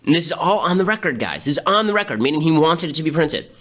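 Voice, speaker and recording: A man delivers a quick political commentary monologue, full of sarcasm and disbelief. His voice sits somewhat high for a man. It has a bright, forceful edge. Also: sing-song. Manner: fast, sarcastic and incredulous.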